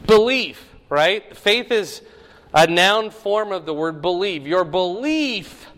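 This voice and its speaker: A man's voice: sits high, expressive, slow, fairly bright tone, long reverb tail. A man preaching a sermon, teaching the meaning of Greek words with rising emphasis. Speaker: pastor.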